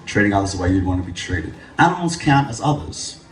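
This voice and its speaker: A young man giving a public speech, telling his story with lively jokes. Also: deep voice, fast talker, a little hiss or hum. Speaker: speaker at an event. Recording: echoey hall, mic from a distance.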